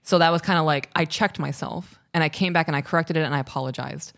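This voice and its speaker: A woman's voice: low voice, fast, creaky, fairly bright tone, no room sound, studio quality. A woman co-hosting a podcast, candidly reflecting on her own behavior in a conversation with her partner. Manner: candid, self-reflective, emotional. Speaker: podcast co-host. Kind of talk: casual conversation between partners.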